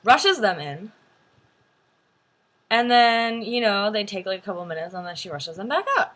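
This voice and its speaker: A young woman vlogger tells a story to the camera in a medium-pitched voice at a moderate pace. She's chatty and animated, using "like" as a filler again and again.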